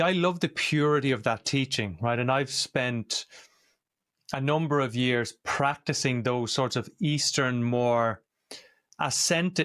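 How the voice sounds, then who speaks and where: A man's voice: mid-range voice, fairly bright tone, dry recording, studio quality. A man hosting a podcast, talking in an earnest, reflective conversational way. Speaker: podcast host.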